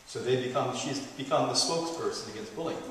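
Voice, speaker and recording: A man's voice: mid-range voice, fast talker, fairly bright tone, recorded from a distance, a little hiss or hum. A middle-aged man giving a live health lecture to an audience, a playful storyteller who jokes as he talks. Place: large hall. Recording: echoey hall, taped from afar.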